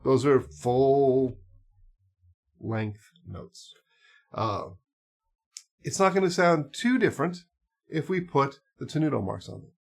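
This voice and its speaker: Male music teacher, mid pitch, easygoing explainer with fillers. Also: slow pace, creaky, long pauses. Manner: relaxed, explains with asides and fillers. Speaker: clarinet teacher. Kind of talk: casual instructional talk.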